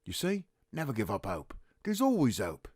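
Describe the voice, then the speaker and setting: Man reading a cheeky young working-class soldier, lively voice, dry sound. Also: mid-range voice, moderate pace, husky, no room sound. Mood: hopeful. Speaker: actor in a script reading. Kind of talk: script reading.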